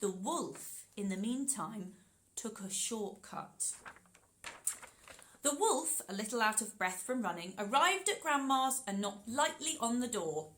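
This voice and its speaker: A woman leads an interactive storytelling session for children, animated and encouraging. Her voice sits fairly high and swings widely in pitch. She keeps turning to speak directly to the children. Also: unhurried, a little hiss or hum, poor audio. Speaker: storyteller and workshop leader.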